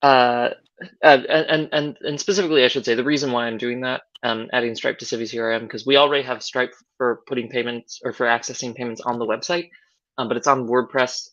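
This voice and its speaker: A person from California giving a meeting report, hesitant and full of ums and restarts. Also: female voice, very deep voice, a bit bright, no room sound. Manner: hesitant, many fillers and restarts. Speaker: party secretary. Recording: dull, dry computer mic audio.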